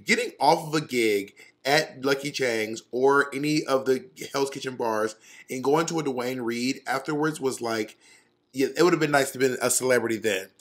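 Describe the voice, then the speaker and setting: A man's voice: mid-range voice, moderate pace. A man in his thirties co-hosting a podcast, telling stories in casual comic chat and laughing often. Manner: animated storyteller, laughs often. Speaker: podcast co-host.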